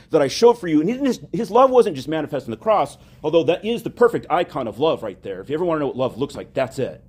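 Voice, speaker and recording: A man preaching a homily, telling a story with lively acted-out dialogue. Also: a little high, slightly rough. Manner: animated storytelling, acts out quoted dialogue.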